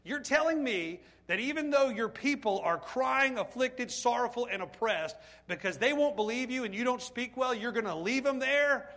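A male pastor preaching a sermon, speaking high in his range. His tone is bright and forceful, and he keeps firing questions at the congregation. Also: normal speed, hardly any pauses. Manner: animated, rhetorical questions to the congregation.

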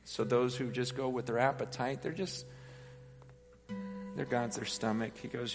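A man's voice: medium pitch, steady tone, measured pace, pauses often. Preaching man in a reverberant hall. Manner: preaching with rising intensity, quoting scripture, rhetorical questions. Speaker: pastor. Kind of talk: sermon. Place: church hall. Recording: live sermon with long hall reverb and soft guitar behind. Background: faint guitar music.

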